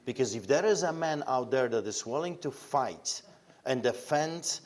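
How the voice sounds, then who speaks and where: A man's voice: medium pitch, expressive, normal speed, darkish tone. A man with a Polish accent, a pastor, telling his story in an interview with emphatic, fiery delivery and pointed rhetorical questions. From Poland.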